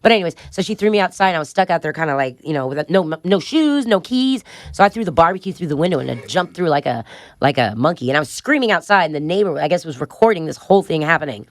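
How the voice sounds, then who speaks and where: A woman's voice: deep voice, very animated, fast, no room sound. A middle-aged woman as a podcast guest, telling a wild story bluntly and profanely, laughing along as she goes. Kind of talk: candid storytelling interview.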